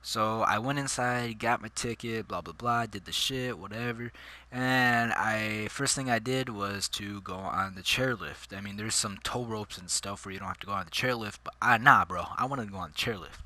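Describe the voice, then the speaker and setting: A man's voice: on the low side, normal speed, pushed and bright, no room sound. A man telling a personal story in casual, slangy vlog chat, calling his listeners dude and bro. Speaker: vlogger.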